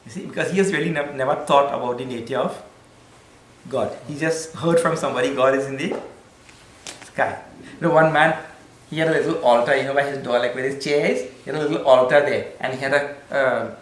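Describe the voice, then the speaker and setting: A man gives a conversational spiritual discourse, using Sanskrit terms and gentle humor. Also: medium pitch, steady tone, a little fast, roomy sound, low-quality recording. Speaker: spiritual teacher.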